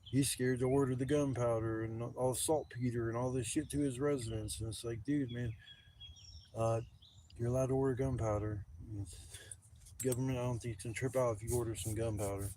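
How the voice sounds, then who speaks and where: A man's voice: medium pitch, fairly even intonation, normal speed, dark tone, slight background noise. Profane rambling man at a campsite. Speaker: camping vlogger. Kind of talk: casual livestream chat. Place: outdoors at a campsite. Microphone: handheld camera on a gimbal.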